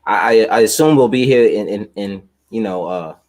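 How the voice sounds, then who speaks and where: A man with a fairly low voice hosts a sports podcast in a relaxed, rambling way. He leans on fillers and talks loosely over a remote call. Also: normal speed. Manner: laid-back, loose, with many fillers and laughs. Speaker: podcast host. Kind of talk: casual sports chat.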